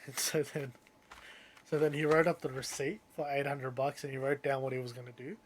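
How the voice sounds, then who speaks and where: A young Australian man telling a story in casual podcast chat, animated and full of "like" and "um", acting out the people he talks about. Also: mid-range voice, a little hiss or hum. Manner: animated, quick to act out the people in his story, many "like"s and "um"s. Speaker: podcast co-host.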